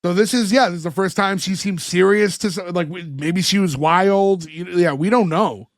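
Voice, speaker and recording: Podcast host, male, high voice, dry close sound, lively recap style. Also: normal speed, no echo. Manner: animated plot recapping with acted quotes. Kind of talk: casual chat.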